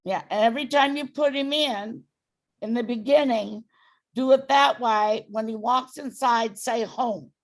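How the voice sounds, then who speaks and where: A woman's voice: fairly high pitch, unhurried. A woman dog trainer giving a client patient, step-by-step instructions. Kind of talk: coaching a client through training.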